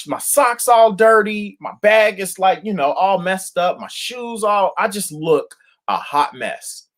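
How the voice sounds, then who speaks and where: Male pastor, fairly high voice; lively colloquial storyteller who lands points with emphasis. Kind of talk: daily devotional sermon.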